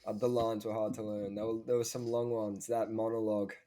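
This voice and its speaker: A man's voice: on the low side, level tone, brisk, warm tone, slight background noise. A teenage boy, a school drama student chatting casually as a podcast guest and rambling through a plot retelling. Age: teens.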